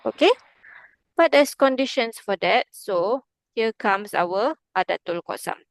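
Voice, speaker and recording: A woman with a smooth, resonant voice teaches a grammar class at a patient, even pace. She checks in with her student often. The sound is dry and close, with no room echo. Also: on the high side, unhurried. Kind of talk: online grammar lesson.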